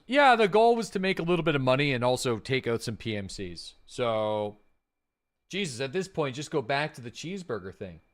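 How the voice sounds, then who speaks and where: A man livestreams a game, chatting loosely with his viewers and thanking subscribers by name. His voice is medium in pitch and runs a little fast, relaxed and full of fillers and asides to chat.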